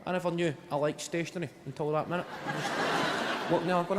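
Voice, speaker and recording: A Glaswegian comedian telling a story on a big stage, his slightly high voice carrying through a long hall echo. Loud ambience sits behind him, with the crowd's laughter rolling in between his lines. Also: a little fast, heavy background noise. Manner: swearing, animated storytelling with rising shouts. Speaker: stand-up comedian. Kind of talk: stand-up routine. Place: theatre stage with audience laughter.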